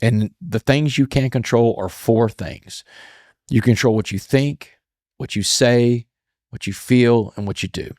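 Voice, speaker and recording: A man's voice: medium pitch, a little slow, a little mellow, dry recording, studio quality. A middle-aged man telling a personal story as an interview guest, earnest and emotional, often repeating his words.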